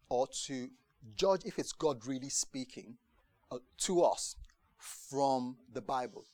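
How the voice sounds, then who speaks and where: A man preaching a conversational sermon to a congregation, lively and chatty, acting out the voices he quotes and often asking if they understand. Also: fairly high pitch, dry recording. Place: church gathering in the UK.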